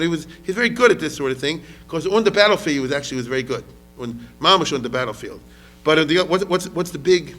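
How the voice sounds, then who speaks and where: A man teaching history in a loose, conversational way, with a voice of middle pitch. He keeps checking in with his listeners and drops Hebrew words into his talk. Faint music plays softly behind him. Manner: conversational, asks the audience questions often. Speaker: rabbi and history lecturer. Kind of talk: lecture.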